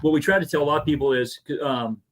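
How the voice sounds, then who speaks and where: A paintball referee in casual chat who explains the rules after a few hesitant starts. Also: male voice, a little high, fast, a bit bright.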